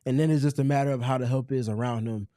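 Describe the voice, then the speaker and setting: A man's voice: medium pitch, steady tone, fast, dark tone, dry recording, clean studio sound. A man reporting on a casual sports talk show, plain and analytical.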